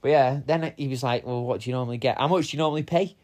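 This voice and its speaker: A man's voice: mid-range voice, rapid-fire, darkish tone. A young man co-hosting a casual chat podcast, telling stories with energy, acting out both sides of conversations, laughing often and swearing freely. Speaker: podcast co-host.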